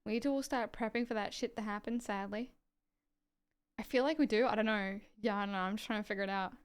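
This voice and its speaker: A woman's voice: mid-range voice, fairly even intonation, quick pace, clear, resonant tone. An Australian woman livestreaming, reading dense legal text aloud and chatting offhand with viewers, swearing casually.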